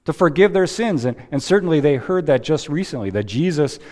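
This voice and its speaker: A man preaching a sermon as a pastor, slow and deliberate with dramatic pauses, heard in a church sanctuary. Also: on the high side, lively intonation, warm tone. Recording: long reverb of a church hall.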